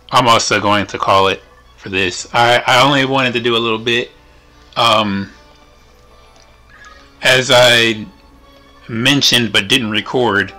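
A gaming channel host talks casually over gameplay, rambling with plenty of fillers and trailing thoughts. His voice is medium-pitched, bright, and forceful.

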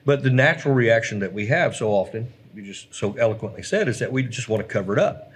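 A man's voice: fairly low pitch, lively intonation, fast talker, slightly rough. A man, a pastor, chatting earnestly on a church livestream and reading viewer comments aloud. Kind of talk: casual church livestream chat.

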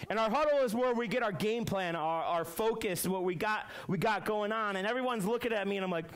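A young man with a notably high voice preaches to middle schoolers. He tells stories in an animated, rambling way, full of fillers, and then moves into plain Bible teaching. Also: brisk. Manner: animated storytelling, many fillers. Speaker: youth pastor. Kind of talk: youth sermon with personal story.

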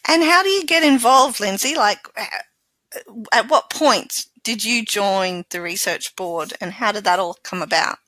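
A woman co-hosting a casual podcast chat, lively and chatty, sometimes searching for her words. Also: medium pitch, a little slow, no echo. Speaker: podcast co-host.

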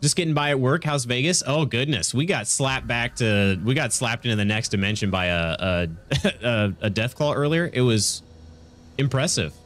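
A man with a stuffy nose casually chats and laughs with viewers while streaming a game, reacting to their comments. His medium-pitched voice is slightly bright and moves at a normal pace.

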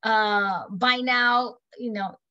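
A woman's voice: on the high side, fairly even intonation, very slow, dull audio. A woman from Brazil with a Brazilian accent, giving an earnest webinar talk with many "you know" fillers. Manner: warm, earnest, with frequent fillers. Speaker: guest speaker. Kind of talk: webinar presentation.

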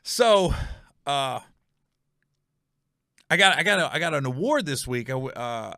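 A middle-aged man from Ohio, USA, hosts a comedy podcast, his voice on the high side and gravelly. He tells stories in an animated, emphatic style with quick asides and self-corrections, recorded in clean studio sound with no echo.

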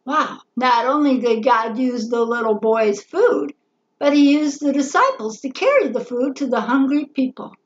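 A woman's voice: high voice, lively intonation, moderate pace. A woman teaching a children's Bible lesson, telling the story expressively and asking her listeners questions. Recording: roomy, slightly dull recording.

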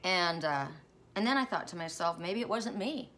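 A woman's voice: on the low side, expressive, normal speed, a bit bright. A middle-aged woman, a tarot reader, telling a personal dream story in a rambling, self-interrupting way. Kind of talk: casual spoken storytelling.

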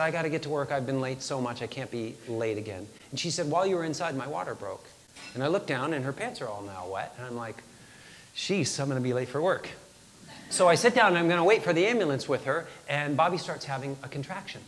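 A man speaks on stage in a bright, keen voice that sits high for a man, telling a story from his own life to a live crowd. He is animated and pokes fun at himself, and he acts out what he said at each moment. A faint hiss runs under the talk. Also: long reverb tail. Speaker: motivational speaker.

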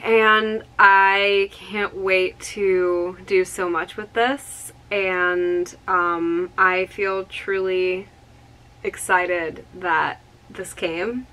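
A woman in her early twenties chatting through an excited unboxing vlog, gushing with many exclamations. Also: on the low side, extremely slow. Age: 20s. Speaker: vlogger. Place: home room with outdoor yard noise.

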